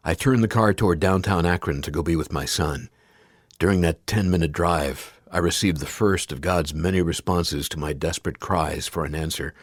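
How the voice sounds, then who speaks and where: A man's voice: sits low, dry recording, studio quality. A man reading a memoir aloud as an audiobook narrator, voicing the quoted cries with feeling. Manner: acts out anguished quoted cries, rising to pleading.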